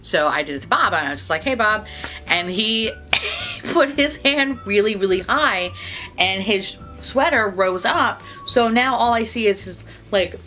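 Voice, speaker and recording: A woman's voice: mid-range voice, expressive, a little slow, pushed and bright, soft background music. A woman with a New York accent telling a profane, laugh-filled story in a casual vlog. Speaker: beauty vlogger.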